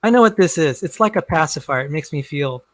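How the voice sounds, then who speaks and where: A man being interviewed, telling his story in a rambling, halting way with many restarts. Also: fairly high pitch, expressive, no echo, rough recording. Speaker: interview guest. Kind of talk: casual conversation.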